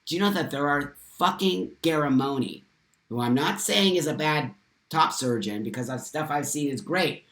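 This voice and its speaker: A man's voice: on the high side, expressive, normal speed, a bit bright. A man hosting a live stream, reading viewer comments aloud and speaking passionately and emphatically, swearing freely. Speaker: livestream host. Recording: roomy echo.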